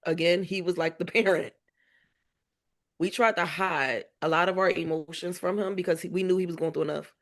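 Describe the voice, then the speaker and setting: A woman's voice: lowish voice, a little fast. Woman vividly retelling family memories. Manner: animated, laughs often, acts out remembered dialogue. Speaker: mother of a child with cancer, podcast guest. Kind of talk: emotional podcast interview storytelling.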